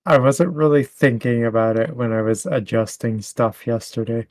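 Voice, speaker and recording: A man's voice: medium pitch, steady tone, moderate pace, darkish tone, no echo. A tired man calling into a livestream over a voice call. He chats casually, apologetic and playful. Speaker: caller on stream. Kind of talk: casual chat.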